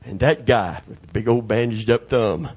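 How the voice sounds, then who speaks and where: A man, a preacher telling a folksy, animated story during a sermon. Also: lowish voice, moderate pace, breathy edge. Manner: folksy, animated, acts out voices.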